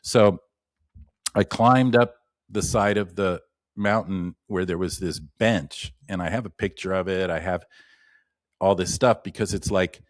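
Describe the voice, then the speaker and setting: A man with a deep, low voice speaks as a guest in a casual interview. He tells long, winding stories, restarts his sentences and drifts into asides, and he grows lively when he retells an anecdote. The sound is dry and close, with no room echo. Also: unhurried. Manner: rambling, with many restarts and asides. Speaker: shamanic practitioner guest.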